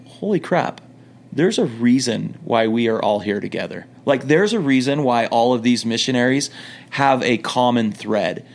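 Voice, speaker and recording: A middle-aged man telling stories in a laid-back, joking way as a podcast guest, with lots of quick restarts. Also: medium pitch, vocal fry. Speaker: podcast guest, returned missionary. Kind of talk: casual storytelling.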